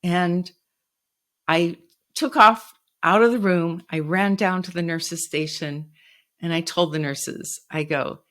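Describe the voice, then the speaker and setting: Reflective woman with a low voice. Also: takes it slowly, fairly bright tone. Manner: reflective, earnest, quoting others with raised voice. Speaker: podcast host. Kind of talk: personal storytelling.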